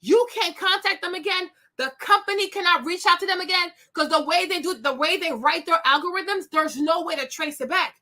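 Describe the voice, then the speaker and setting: Woman host, bright forceful tone, opinionated rant, blunt and scathing. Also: very high-pitched, brisk, hardly any pauses. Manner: blunt, scathing, with bursts of laughter. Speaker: commentary show host.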